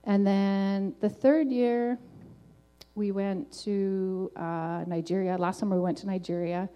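A woman's voice: medium pitch, fairly even intonation, slow pace, muffled recording. A middle-aged woman telling her personal faith testimony in an earnest, conversational way, often saying "like" and "um". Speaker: testimony speaker.

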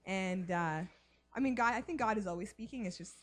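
A woman's voice: mid-range voice, brisk. A woman in a congregation giving a chatty personal testimony, with laughing asides and many fillers.

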